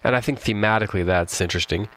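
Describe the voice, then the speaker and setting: A man's voice: lowish voice, racing, a bit bright, low-quality recording. A man hosting a poetry show, talking casually and thoughtfully about a poem, with fillers and restarts. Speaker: poetry podcast host. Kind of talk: casual talk about a poem with slow read-aloud.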